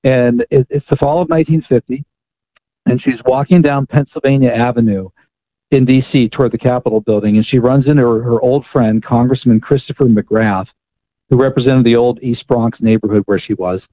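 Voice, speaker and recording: A man tells a long story as a radio guest, stumbling over his words and circling back. His voice sits at an ordinary pitch. It comes through a tinny phone line with no room sound. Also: a little fast, dry recording. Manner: animated storyteller with frequent restarts. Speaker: author and guest.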